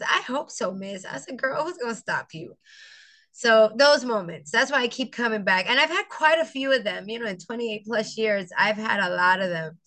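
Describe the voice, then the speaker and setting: A middle-aged woman with a bright, forward voice tells a heartfelt story about a student. She slips into her students' voices as she quotes them and turns tearful at times. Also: fairly high pitch. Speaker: veteran teacher, guest. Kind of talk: emotional personal storytelling.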